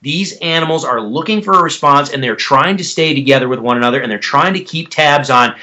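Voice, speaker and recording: A man with a fairly high, bright, forceful voice speaks fairly quickly as an expert guest on a podcast. In explanatory interview answers, he lays things out earnestly and step by step, repeating words along the way.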